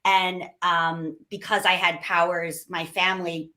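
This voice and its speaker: A woman's voice: on the low side, flat delivery, unhurried, sharp tone. A woman co-hosting a podcast, joking and chatting casually. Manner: joking, wisecracking. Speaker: podcast co-host.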